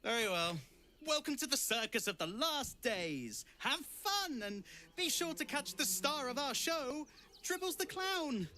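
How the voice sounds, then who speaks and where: A male circus barker in a video game, greeting patrons with sing-song flattery. The voice sits high and bright. It swoops in theatrical waves, with faint music behind. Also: measured pace, a little hiss or hum, full character voice. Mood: showy. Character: showy male circus barker, smooth-talking.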